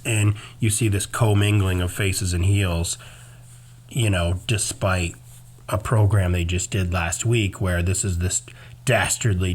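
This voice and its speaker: A man with a slightly low voice co-hosts a podcast in easygoing, casual chat. He rambles through his opinions, stacking up fillers and side remarks as he goes. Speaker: podcast co-host.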